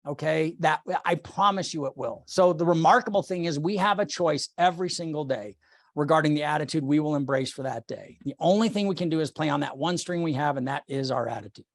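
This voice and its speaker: A man's voice: fairly high pitch, a little fast, no room sound, studio quality. A man leading a sales team meeting over a video call, blunt and swearing casually.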